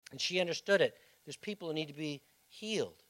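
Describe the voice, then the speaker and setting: A male pastor preaching a sermon as dramatic storytelling, swinging from loud bursts to hushed tones. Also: a little high, a little fast.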